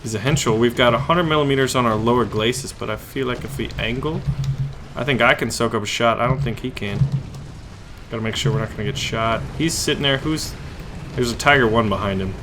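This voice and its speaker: A man hosting his gaming channel, giving joking, excitable live commentary on his own gameplay and talking to himself and his enemies. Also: medium pitch, a little fast, noisy background.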